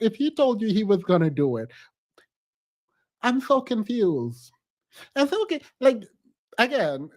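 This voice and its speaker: A man's voice: high-pitched, a little mellow. A man hosting a reaction commentary, sarcastic and incredulous, often breaking into laughter. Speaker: host.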